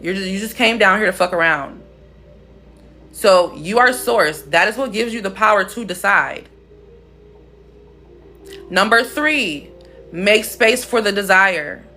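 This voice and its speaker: A woman's voice: mid-range voice, lively intonation, a little slow, pauses often, pushed and bright, faint music behind. A woman hosting a casual spiritual livestream, talking in a blunt, profane, playful way.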